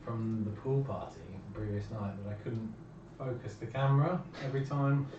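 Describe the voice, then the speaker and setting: A man's voice: medium pitch, normal speed, a little mellow, slight background noise. A man, a former cameraman, recalling filming days in a wry, self-mocking way. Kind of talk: casual chat. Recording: roomy, distant, muffled recording.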